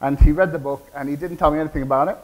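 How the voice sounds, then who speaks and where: Man, 40s, Cumbrian English, keynote speaker; conversational, fairly high voice, quizzes the audience. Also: fairly even intonation, racing, darkish tone, poor audio. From England. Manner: conversational, asks the audience questions. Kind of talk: conference keynote speech. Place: conference hall.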